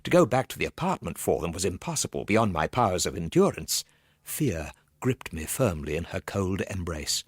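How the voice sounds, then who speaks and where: Deep, husky male storyteller. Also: sing-song, normal speed, no room sound, clean studio sound. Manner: tense, swinging from low murmurs to urgent bursts. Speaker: narrator. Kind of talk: dramatic storytelling narration.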